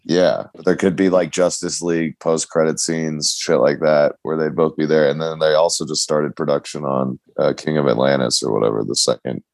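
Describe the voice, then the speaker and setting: A man's voice: a bass voice, fairly even intonation, moderate pace, gravelly, few pauses, dry recording. A man in casual chat, telling stories animatedly and swearing freely.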